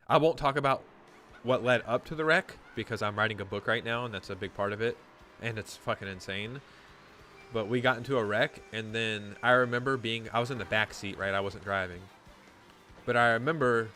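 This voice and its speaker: A man's voice: mid-range voice, pushed and bright. A gaming YouTuber, a man, telling a story in casual, rambling chat, swearing often and saying "like" a lot. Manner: rambling, profane, lots of "like".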